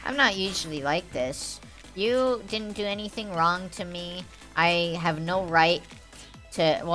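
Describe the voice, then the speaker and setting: A woman's voice: fairly low pitch, fairly bright tone. A young woman streamer chatting live to her viewers in a heated, profane, rambling way, full of fillers. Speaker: game streamer.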